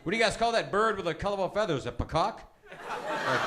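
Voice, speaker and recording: A man performs a stand-up set in a comedy club, his slightly high voice rising and falling widely as he rambles in a deadpan way. He speaks into a handheld stage mic. Clear club noise runs under the live recording. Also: brisk. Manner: deadpan, rambling, lively swings in pitch.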